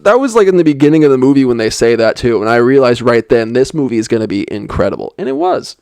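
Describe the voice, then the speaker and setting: A man's voice: mid-range voice, expressive, fast, darkish tone, clean tone. A young man giving a sarcastic, rambling comedic movie review, with lots of "like" fillers. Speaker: film reviewer. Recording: dry voice-over.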